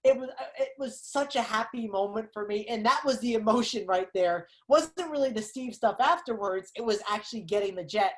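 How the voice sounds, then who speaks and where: A woman guest on a podcast, talking a movie over in lively, analytical casual chat and acting out her reactions. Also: medium pitch, brisk, few pauses. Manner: animated, analytical, acts out reactions.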